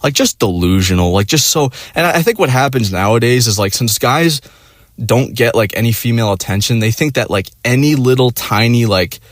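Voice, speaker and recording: Clean studio audio, no echo: a man with a mid-range voice, talking a little fast as he spins a story in casual conversation. His delivery rambles, is thick with swearing and "like" and "you know" fillers, and turns lively whenever he acts out what his friends said.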